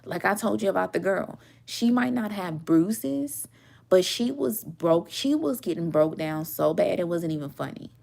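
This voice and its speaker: Woman, mid-20s, tarot reader, casual storytelling, lively delivery, low-ish voice. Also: moderate pace, creaky, few pauses. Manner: animated, swearing, laughing often, acts out quotes.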